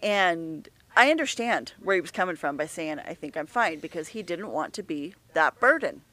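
Earnest middle-aged woman, open and halting. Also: fairly low pitch, animated, sharp tone, dry recording. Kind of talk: candid personal conversation.

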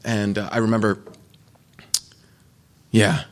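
A man's voice: on the low side, flat delivery, slow pace. A man in his forties or fifties from the United States, giving a candid, conversational personal testimony as a retreat speaker. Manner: candid, conversational, loose storytelling.

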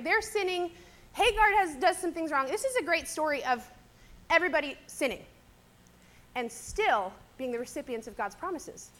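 A woman with a notably high voice gives a casual Bible teaching talk. She speaks conversationally, tossing in "kinda" and "right?" as she retells the story. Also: expressive, moderate pace, fairly bright tone. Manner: chatty, conversational, often adds "right?" and "kinda".

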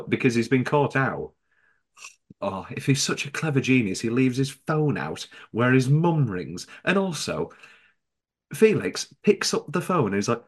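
A man hosting a casual podcast chat about a film, animated and quick to mimic characters in high voices. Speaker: podcast host.

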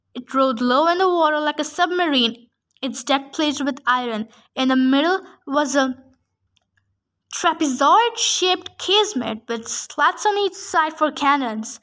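High-voiced woman reading a story aloud. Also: a bit bright. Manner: eager, slightly halting with restarts. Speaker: podcast host reading a novel aloud.

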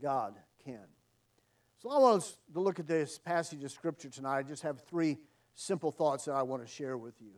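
A man preaching an earnest evening sermon, leaning on emphatic repeated phrases. His voice sits higher than most men's. The mic is set back, so he sounds a little distant. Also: expressive, a little fast, darkish tone.

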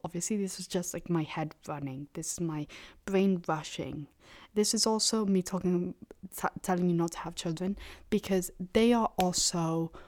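A woman's voice: lowish voice, a little mellow. Blunt, rambling young woman podcaster. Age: young adult. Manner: blunt, rambling and sarcastic, often dropping to a half-whisper. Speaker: podcast host. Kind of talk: casual solo podcast monologue.

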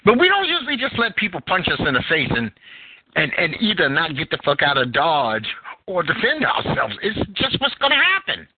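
A male podcast host tells a story at normal speed, chatting casually with plenty of profanity and big emotional swings. His delivery is animated, with wide pitch swings, and he sounds tinny, as if over a phone line, with a noisy background.

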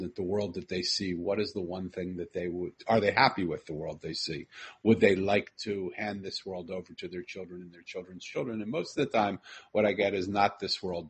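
A man's voice: sits low, breathy edge. A man earnestly telling a personal story, repeating phrases and quoting the people he met.

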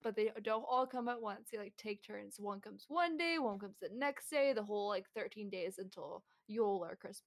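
A woman's voice: medium pitch, animated, moderate pace, hardly any pauses. A woman co-hosting a casual podcast, joking and swearing freely as she explains folklore. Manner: giggly, swears freely, jokey asides. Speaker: podcast co-host. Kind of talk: casual chat.

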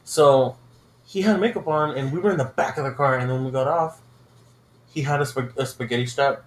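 A man's voice: medium pitch, a little fast, reverberant, a little hiss or hum. A man co-hosting a podcast, telling profane, rambling stories in casual chat. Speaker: podcast co-host.

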